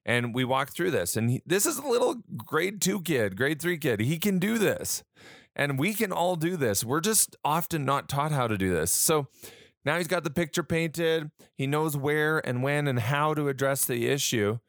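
A man's voice: fairly high pitch, animated, normal speed, a bit bright, no echo, clean studio sound. An adult man in a casual talk, telling stories with reported dialogue and asking the listener earnest rhetorical questions. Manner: conversational storytelling with reported dialogue. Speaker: speaker on handling conflict.

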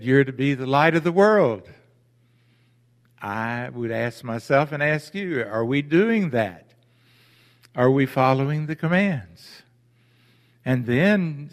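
A male pastor delivers a sermon at an unhurried, measured pace, punching key phrases with emphasis. He often turns to rhetorical questions for his listeners. His voice carries a long reverb from a church sanctuary. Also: medium pitch.

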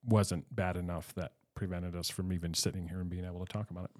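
A man appearing as a podcast guest, upbeat and teasing, throwing in quick remarks. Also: low-pitched, steady tone. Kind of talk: casual podcast chat. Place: room recording a podcast.

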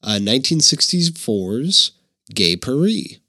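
A man co-hosting a podcast in casual chat, relaxed and explaining background about an old film. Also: mid-range voice, slow, no echo, clean studio sound. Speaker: podcast co-host.

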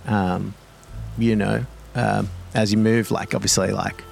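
A man's voice: fairly low pitch, flat delivery, a little slow, creaky, slight background noise. A man narrating a tabletop horror game as game master, in loose, filler-heavy narration.

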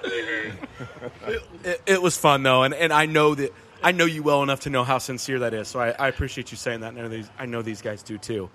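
A man's voice: medium pitch, fairly quick. A man hosting a casual beer podcast, telling a story and laughing often. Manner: laughing storyteller, lively delivery. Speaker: podcast host. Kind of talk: casual chat.

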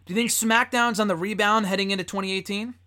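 A man's voice: high-pitched, fairly even intonation, quick pace, sharp tone. A man hosting a casual chat, blunt and profane and often laughing. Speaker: podcast host.

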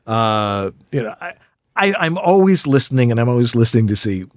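A man's voice: medium pitch, fairly quick, no echo, studio quality. A man hosting a casual interview, rambling and playful as he asks questions. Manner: rambling, animated, playful asides. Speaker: podcast host.

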